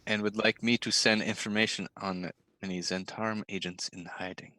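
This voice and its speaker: A man playing his character in a tabletop game, speaking softly and conspiratorially. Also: lowish voice, fairly even intonation, moderate pace, no echo. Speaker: player. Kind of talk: casual tabletop play.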